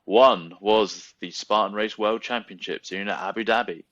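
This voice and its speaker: Podcast host, male, unhurried and slow, deep-ish voice, dry close mic, rambling and teasing. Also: fairly bright tone, no room sound, lo-fi sound. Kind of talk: casual sports podcast chat.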